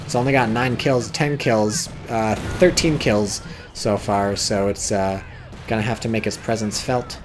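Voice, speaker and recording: A man with an American accent giving casual play-by-play commentary on a strategy game, excitable, swearing and yelping at big plays. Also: lowish voice, unhurried, background noise.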